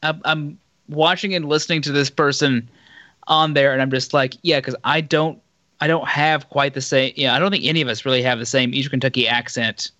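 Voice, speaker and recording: A man hosting a podcast, telling stories casually with halting restarts and animated retellings. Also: medium pitch, no room sound. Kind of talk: casual chat.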